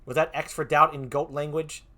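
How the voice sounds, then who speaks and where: A man hosting a livestream, doing playful improv game banter with a hammy, animated manner. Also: on the high side, a little fast, a little hiss or hum. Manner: animated, hammy, laughs often. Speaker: stream host.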